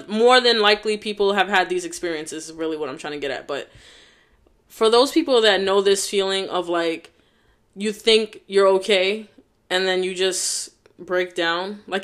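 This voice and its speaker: A woman's voice: mid-range voice, fairly bright tone. Young woman doing a solo podcast, heartfelt and rambly, tons of filler words. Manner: heartfelt, rambling, full of fillers like "like" and "you know". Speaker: podcast host. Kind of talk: casual solo podcast monologue.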